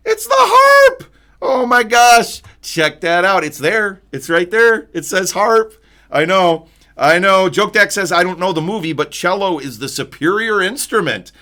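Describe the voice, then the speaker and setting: Bright, animated male trivia host. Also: high voice. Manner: playful, jokey, reads chat messages aloud. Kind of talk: live-streamed trivia game hosting.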